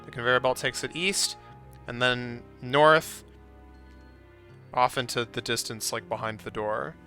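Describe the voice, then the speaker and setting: A man walks listeners through a video game in a chatty, playful way, describing what is on screen as he goes. His voice is very bright and forward, at an ordinary male pitch. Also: a little slow, faint music behind. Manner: playful and chatty, with frequent laughs. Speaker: streamer narrating gameplay. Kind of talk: casual, descriptive playthrough narration.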